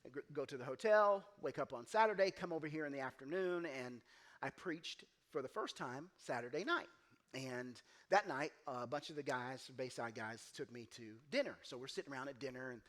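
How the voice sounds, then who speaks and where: In church, a pastor with a medium-pitched voice preaches a sermon at a fairly quick pace. He tells a story animatedly, acting out the quoted voices and growing loud and emphatic.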